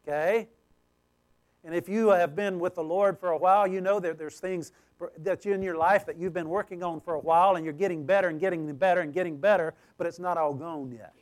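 A man with a high voice preaching a sermon. He speaks emphatically, turns to the crowd with frequent "okay?" checks, and moves between raised, pleading lines and soft, low asides. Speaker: pastor.

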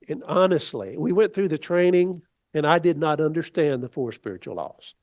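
A man's voice: fairly high pitch, expressive, moderate pace, darkish tone, no room sound. A man preaching a sermon as pastor, in a folksy, rambling way with many restarts.

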